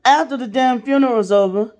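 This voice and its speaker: A woman's voice: on the high side, brisk, darkish tone. A woman casually telling a personal story to her viewers, in a blunt, profane way. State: sick. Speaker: vlogger.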